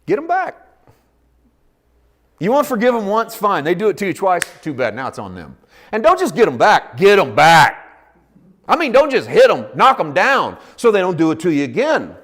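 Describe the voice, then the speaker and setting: A man preaching a sermon as pastor, dropping to hushed asides, rising to loud emphatic points, and acting out quoted voices. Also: high voice, huge pitch swings, normal speed, pauses often. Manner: acts out quoted voices in dialogue.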